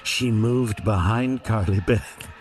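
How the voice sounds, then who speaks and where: A man's voice: lowish voice, slow pace, a little hiss or hum. A man guest on a comedic book-reading podcast, reading aloud with dry wisecracks, over a video call. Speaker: guest reader.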